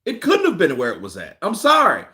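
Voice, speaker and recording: A man hosting a boxing commentary livestream, ranting excitedly and repeating himself as he thinks aloud. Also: mid-range voice, quick pace, a loud crowd.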